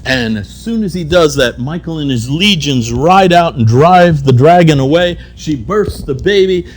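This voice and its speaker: In a conference hall, a keynote speaker gives a spiritual storytelling lecture, bringing the characters of his mystical stories to life. His fairly high voice has lively intonation and a moderate pace.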